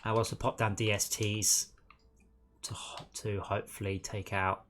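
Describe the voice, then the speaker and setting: Male streamer, lowish and sharp-toned, chatty and self-deprecating, coordinating teammates. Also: little pitch movement, normal speed, a little hiss or hum. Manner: chatty, self-mocking, calls out targets to teammates. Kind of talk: casual gameplay chat.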